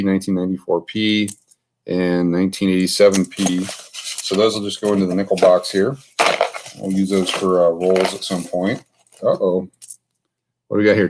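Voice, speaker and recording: Very deep-voiced man chatting casually. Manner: relaxed, unscripted, many fillers and asides. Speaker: coin collecting vlogger. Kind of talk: casual show-and-tell narration. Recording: faint background noise with clicks.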